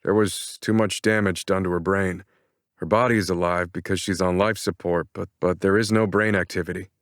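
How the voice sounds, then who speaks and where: A man voicing a male doctor who speaks in a measured, apologetic way. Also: low voice, fairly even intonation, a bit bright, no echo, studio quality. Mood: regretful. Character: middle-aged male doctor, calm and regretful.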